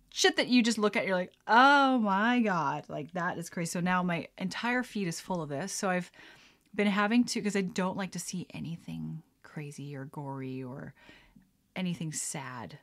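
Chatty, giggly woman podcaster. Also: medium pitch. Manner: chatty and giggly, rambling with frequent laughs. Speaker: podcast host. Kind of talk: casual podcast chat. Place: at home, mixing a drink on camera.

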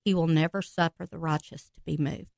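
Speaking low and a little fast with some vocal fry, a woman on a podcast shares her faith testimony emotionally, punctuated by laughter and excited outbursts. The recording is dry.

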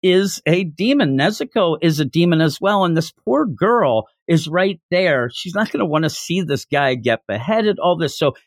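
A man hosting a podcast, retelling a chapter in an animated, enthusiastic way. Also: on the high side, moderate pace, few pauses, dry recording, clean studio sound. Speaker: podcast host. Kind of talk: casual chapter recap.

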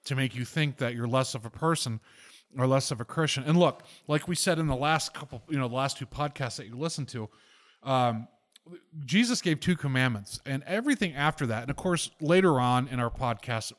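A man hosting a casual podcast, telling stories with animated, irreverent energy that turns preachy when he makes a point. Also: mid-range voice, brisk. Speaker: podcast host.

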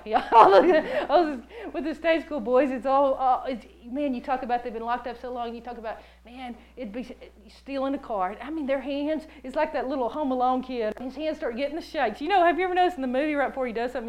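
Woman preacher with a high voice, lively and jokey, acts out voices in her stories. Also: quick pace, few pauses, rough recording. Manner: animated storytelling, acts out quoted voices; jokey, laughs often. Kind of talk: sermon.

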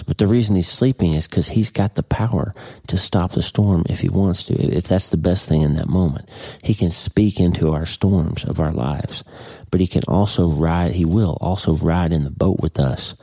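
A middle-aged man with a very deep, mellow voice hosts a podcast. He talks earnestly and off the cuff, with a husky edge to his tone. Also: moderate pace. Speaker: podcast host. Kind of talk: casual podcast talk.

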